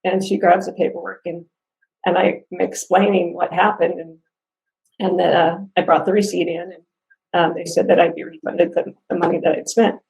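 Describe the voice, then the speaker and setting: A woman recounts a maddening customer-service run-in in a casual spoken review, her voice carrying a gravelly rasp. She tells it with animated energy, laughing between lines and acting out what people said. Underneath she sounds upset and close to tears. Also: fairly low pitch, moderate pace, low-quality recording. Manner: animated storytelling with laughs and acted-out quotes. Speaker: customer telling a complaint story.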